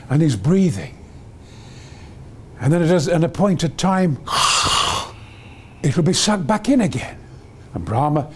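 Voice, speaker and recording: A man's voice: fairly high pitch, a little mellow, breathy edge. A man in his eighties reminiscing in a rambling, digressive and enthusiastic way, jumping between stories. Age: 80s. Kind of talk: reminiscing storytelling.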